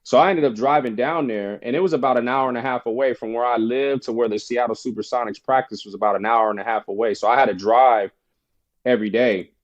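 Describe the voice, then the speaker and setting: Male podcast guest, animated storyteller doing other people's voices, mid pitch, somewhat lo-fi. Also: quick pace. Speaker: podcast guest, former basketball player. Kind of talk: casual storytelling interview.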